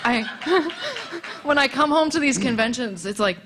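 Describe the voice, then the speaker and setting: A woman's voice: a little high, animated, normal speed, noisy background. A woman on a convention panel telling a funny story, playful and teasing, often laughing as she talks. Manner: playful, teasing, laughs through her stories. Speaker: comics artist panelist.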